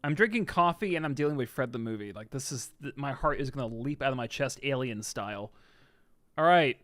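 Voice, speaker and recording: A man chatting casually on a live stream, reading viewer comments and swinging between loud excited outbursts and soft asides. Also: mid-range voice, fairly quick, no echo.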